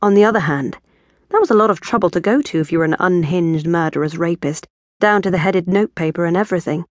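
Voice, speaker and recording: Low-voiced woman reading an audiobook. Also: fast talker, no room sound. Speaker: audiobook narrator. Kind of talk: scripted audiobook narration.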